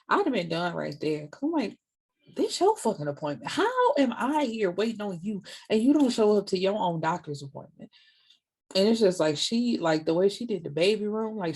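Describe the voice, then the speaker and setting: A young woman with a lowish voice gives a casual review of a show to her viewers. She is blunt and animated and swears freely as she talks. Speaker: book and TV reviewer.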